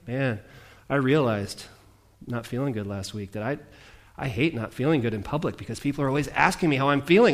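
Animated male pastor preaching. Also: medium pitch, a little fast. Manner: animated, jokey asides, mimics voices. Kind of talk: sermon.

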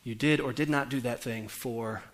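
A man's voice: mid-range voice, steady tone, normal speed. A man in his forties, a pastor preaching a conversational sermon and putting questions to the congregation. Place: church.

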